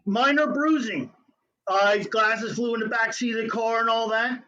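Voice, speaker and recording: A middle-aged man, an inventor telling his story as an interview guest in an excitable, hyper way. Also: very high-pitched, moderate pace, muffled recording.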